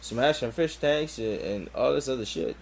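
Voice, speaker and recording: A man's voice: mid-range voice, expressive, normal speed, vocal fry, slight background noise. Laid-back man recapping a cartoon. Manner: laid-back, profane, retells scenes in detail. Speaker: podcast co-host. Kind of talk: casual chat reviewing a cartoon.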